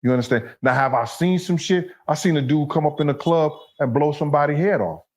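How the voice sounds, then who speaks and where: A man's voice: on the high side, brisk, darkish tone. A man, telling long street stories as an interview guest and often asking "you understand?". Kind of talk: storytelling in an interview clip.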